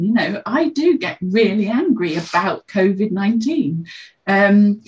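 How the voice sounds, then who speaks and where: A woman, a podcast guest calmly explaining feelings and acting out example phrases. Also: mid-range voice, rough recording. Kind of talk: reflective podcast conversation.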